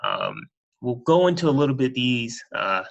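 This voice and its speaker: A man's voice: medium pitch, huge pitch swings, moderate pace, gravelly, highs cut off. A man explaining slides in a casual way, with many "um" fillers. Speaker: presenter. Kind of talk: presentation over video call.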